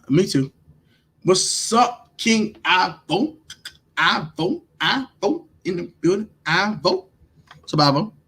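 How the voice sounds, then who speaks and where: A man's voice: a little high, fairly bright tone, slightly rough. A man hosting a casual livestream, talking emphatically, repeating himself and swearing freely as he reacts to viewers by name. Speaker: livestream host grading draft picks.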